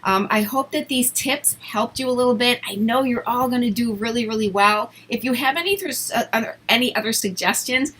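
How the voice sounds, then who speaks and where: Bright-voiced woman giving teaching tips. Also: on the high side, low-quality recording. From English-speaking country. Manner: clear, slow modeling of words for children. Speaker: online English teacher. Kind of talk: casual teaching tips vlog.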